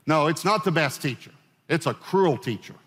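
A man's voice: a little high, lively intonation, moderate pace, a bit bright, husky. Man preaching in a reverberant hall. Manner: conversational preaching with direct questions to the congregation. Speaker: pastor. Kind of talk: sermon.

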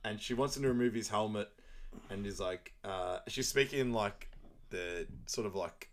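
A man's voice: lowish voice, normal speed. A man co-hosting a podcast, recapping a film in casual chat, rambling with lots of fillers. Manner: rambling with many fillers, acts out quotes. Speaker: podcast co-host.

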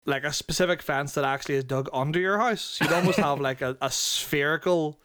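Bloke on a chatty podcast, kinda high voice, rambles a lot, giggles. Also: male voice, a little fast, fairly bright tone, smooth. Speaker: podcast co-host. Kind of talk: casual chat.

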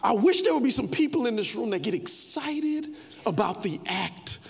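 A man preaching a sermon, shifting from conversational asides to playful mock shouting. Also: very high-pitched, expressive, moderate pace, gravelly. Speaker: pastor. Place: church sanctuary. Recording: reverberant hall.

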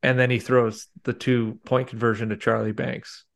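A man with a gravelly voice hosts a casual podcast chat. He rambles, restarting sentences and leaning on fillers as he talks. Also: mid-range voice, little pitch movement, moderate pace. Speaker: podcast host.

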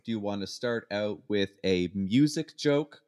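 A man with a fairly low voice, talking casually and playfully. He hesitates a lot, with ums and restarts as he builds up to a joke. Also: animated, measured pace, a little mellow, clear, resonant tone. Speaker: podcast co-host telling dad jokes. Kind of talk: casual chat.

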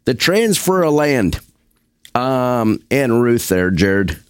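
A man's voice: mid-range voice, very animated, takes it slowly, clean tone, no room sound, clean studio sound. A man hosting a Bible study discussion, affirming and summing up what the others say. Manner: affirming, sums up others' points. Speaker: discussion host.

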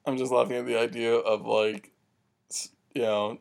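A man's voice: medium pitch, flat delivery, normal speed, creaky. A man on a casual podcast, talking hesitantly with lots of fillers. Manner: hesitant, many fillers, wry laughs. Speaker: podcast co-host. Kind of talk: casual chat.

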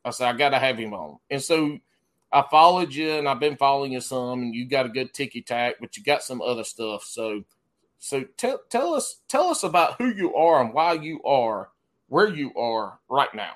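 A man's voice: medium pitch, big pitch swings, moderate pace. A man with a Southern US accent hosting a podcast, telling loose, profane stories in casual chat. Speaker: podcast host.

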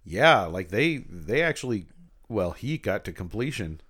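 A man's voice: fairly low pitch, very animated, measured pace, a bit bright, breathy edge, dry recording, studio quality. A man co-hosting a podcast, chatting casually about a movie with wry, self-deprecating humor. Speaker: podcast co-host.

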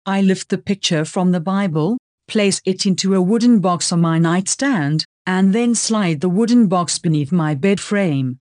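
An audiobook narrator reading a first-person novel in a steady, measured way. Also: mid-range voice, no echo, studio quality.

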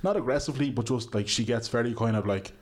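A man's voice: medium pitch, quick pace. A man co-hosting a podcast, chatting in an easygoing way and laughing along. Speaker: podcast co-host. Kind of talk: casual chat.

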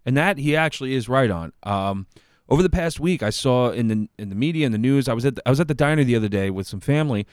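A man's voice: medium pitch, expressive, quick pace, smooth, no room sound, clean studio sound. A man, hosting a podcast and giving heated, profane, sarcastic commentary on clips. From New York. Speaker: podcast host.

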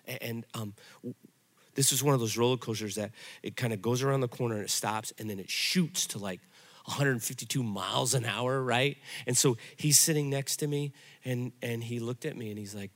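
A middle-aged man pastor giving a sermon, telling stories in an animated, conversational way. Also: mid-range voice, a little fast.

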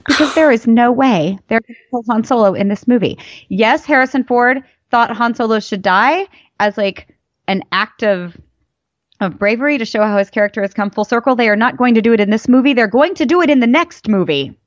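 A woman telling stories in casual fan chat, animated and emphatic, her voice jumping up for emphasis. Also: on the high side, a little fast, dry recording. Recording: dull lo-fi dry mic.

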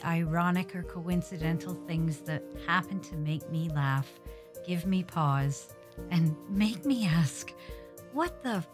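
A woman hosting her own podcast, telling funny stories in a wry, scripted way, with hard-sounding g's at word ends. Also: fairly low pitch. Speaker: podcast host.

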